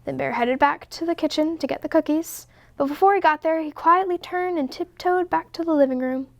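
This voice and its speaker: A woman reading a children's picture book aloud in a slow, expressive way. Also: high-pitched, creaky. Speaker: story reader. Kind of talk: storybook read-aloud.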